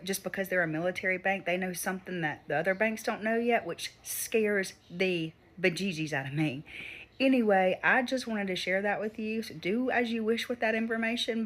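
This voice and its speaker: A woman's voice: mid-range voice, normal speed, a bit bright. A woman casually telling an anxious story. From Mississippi. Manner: anxious, acts out the other voices in quotes. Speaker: storyteller on social video.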